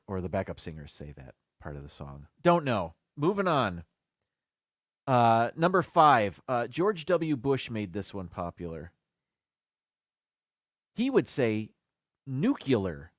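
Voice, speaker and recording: A man's voice: lowish voice, dry recording, clean studio sound. A man hosting a live stream in casual chat, talking through words and sounding each one out carefully.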